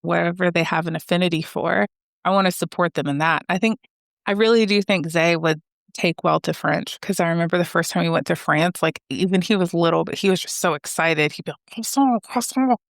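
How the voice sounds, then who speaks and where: A woman from the United States in her thirties, a podcast guest talking in a chatty, animated way with many fillers. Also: lowish voice, brisk, vocal fry, no echo, clean studio sound. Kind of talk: conversational interview.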